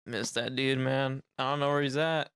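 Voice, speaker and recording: A young man on a casual podcast, bantering in loose slang and quick to laugh along with the others. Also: medium pitch, steady tone, fairly bright tone, slight background noise. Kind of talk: casual chat.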